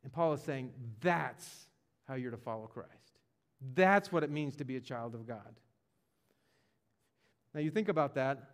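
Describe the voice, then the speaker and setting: A man's voice: medium pitch, measured pace, pauses often. A man preaching a sermon in a conversational way, often repeating words and restarting, and rising with feeling as he speaks. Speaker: pastor.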